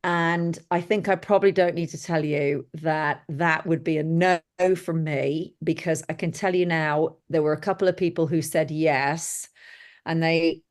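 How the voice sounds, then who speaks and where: A middle-aged woman telling lively, blunt stories as an interview guest. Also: low voice, unhurried. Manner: lively anecdotal, blunt and exclamatory. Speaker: guest, film set decorator. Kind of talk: casual interview storytelling.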